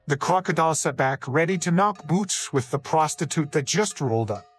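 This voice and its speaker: A man's AI-cloned voice giving deadpan scripted storybook narration full of crude jokes. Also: fairly high pitch, moderate pace, breathy edge, faint music behind.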